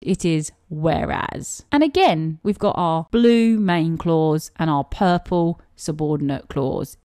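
A woman's voice: low voice, slow, dark tone, no echo, clean studio sound. A woman teacher giving a recorded grammar lesson for children, encouraging them, asking questions and praising answers. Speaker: primary school teacher.

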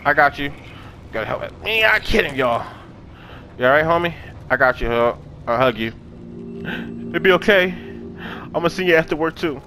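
Excitable young man gaming commentary. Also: fairly high pitch, normal speed, long pauses. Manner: excitable, yells and swears when startled. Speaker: gaming channel host. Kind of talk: casual let's play commentary.

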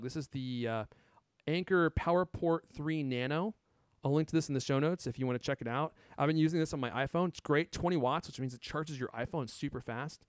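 A man hosting a casual tech podcast, excitedly showing off gadgets and chatting. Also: fairly high pitch, clean tone, no room sound, clean studio sound. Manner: excited, shows gadgets on camera. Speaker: podcast host.

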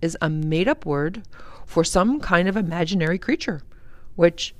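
A woman reading aloud, voicing a kindly, calm and learned middle-aged father who explains things in a measured way. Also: fairly low pitch, dry recording, close to an everyday voice. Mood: patient.

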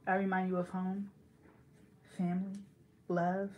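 A woman's voice: fairly low pitch, completely flat delivery, unhurried, a little mellow, roomy sound. A young woman from California, a hair braider, chatting playfully and teasing while she works, laughing often. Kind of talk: casual chat while braiding.

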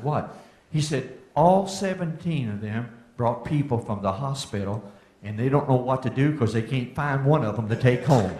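Older preacher telling stories. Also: male voice, medium pitch. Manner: folksy storyteller, rising to fervent shouts. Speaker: preacher giving testimony. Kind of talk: testimony sermon. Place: church meeting hall. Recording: echoey hall.

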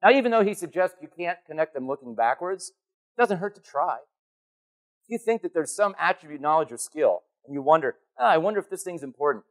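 A man giving a conference keynote on stage, animated and playful as he calls volunteers up from the audience. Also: on the high side, fairly quick. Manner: animated, calling to the crowd, playful. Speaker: keynote speaker.

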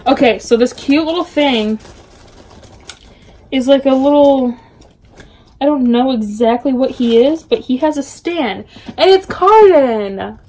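A woman excitedly unboxing a package in her bedroom for a casual book vlog, gushing and chatty. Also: high-pitched, measured pace, pauses often. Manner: gushing, chatty, full of little gasps and exclamations. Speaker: book vlogger.

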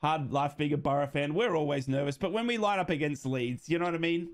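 Aussie guy, fan streamer, lively, chatty, fairly high voice. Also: quick pace. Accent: Australian. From Australia. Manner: chatty, excitable, laughs often. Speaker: football fan streamer hosting a watch-along. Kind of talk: excitable live fan commentary.

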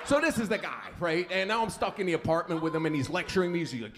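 A man's voice: a little high, a little fast, crowd noise. A man performing a stand-up set at a comedy club, telling a story with stuttering impressions. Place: comedy club with live audience.

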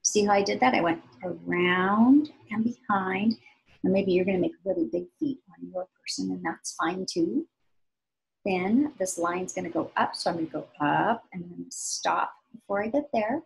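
Patient art teacher woman, gravelly voice. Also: fairly low pitch, poor audio. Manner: slow, patient, sing-song instructions to kids. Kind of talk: step-by-step drawing lesson for young children.

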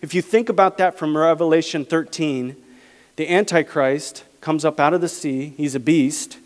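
A male pastor preaching a sermon, reading scripture aloud and slowing down to stress key phrases. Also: a little high. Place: church sanctuary. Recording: church hall reverb.

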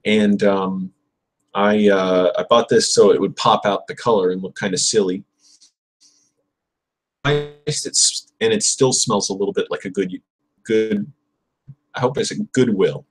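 A young man hosts a casual livestream while studying Spanish, repeating verb forms aloud and muttering asides. His voice is fairly low and unhurried, with long pauses.

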